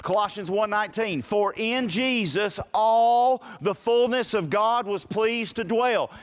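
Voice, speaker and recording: A man preaching a sermon as pastor, addressing listeners directly and swinging from loud, raised passages to hushed, quiet ones. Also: high voice, measured pace, smooth.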